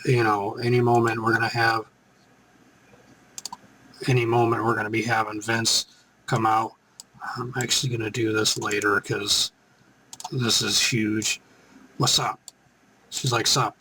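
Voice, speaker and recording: A man hosting a live reaction show, excitable and rambling, who breaks into chants. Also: fairly low pitch, unhurried, long pauses, a little hiss or hum.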